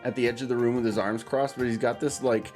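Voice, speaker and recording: A man's voice: mid-range voice, steady tone, fast talker, darkish tone, faint music behind. A man runs a tabletop game as game master, his narration loose and rambling, full of ums and giggles. A faint musical track plays under his voice.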